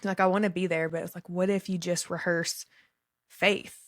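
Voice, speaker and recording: A woman co-hosting a casual faith podcast, rambling warmly with many fillers and self-deprecating laughs. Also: on the low side, little pitch movement, moderate pace, no room sound, studio quality. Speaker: podcast co-host.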